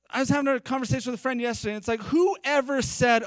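High, smooth-voiced preacher giving a chatty sermon. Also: male voice, a little fast, few pauses, dry recording. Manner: chatty, animated preaching with self-deprecating asides. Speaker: pastor. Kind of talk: conversational sermon. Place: church service streamed live.

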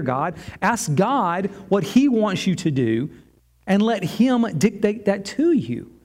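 Earnest male preacher, slightly high voice. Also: sing-song, takes it slowly. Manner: earnest preaching, dropping low and soft on key lines, rising when voicing prayers. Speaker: pastor. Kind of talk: sermon.

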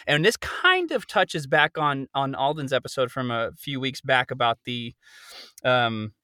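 A man in casual podcast chat with a bright, forward tone. He talks in an easygoing, encouraging way, full of ums and uhs. The sound is dry and close, with no room around it. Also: mid-range voice, expressive, unhurried, dry recording. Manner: easygoing, encouraging, many fillers. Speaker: podcast co-host.

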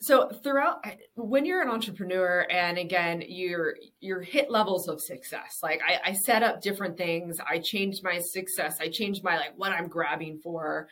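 A woman's voice: fairly low pitch, moderate pace, few pauses, a bit bright. Candid laughing woman business owner. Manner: candid, swears freely, laughs often. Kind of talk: casual interview.

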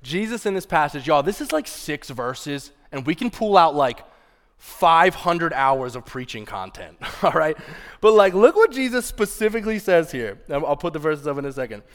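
Impassioned preaching man, slightly high voice. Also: very animated, normal speed, fairly bright tone. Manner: impassioned, conversational preaching with casual asides. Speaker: pastor. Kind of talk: sermon. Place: church sanctuary. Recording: long reverb of a large hall.

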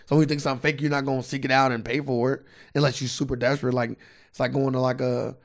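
At a quick pace, a man with a mid-range voice and level tone keeps a podcast chat loose and profane. As co-host, he sometimes reads facts aloud from a screen.

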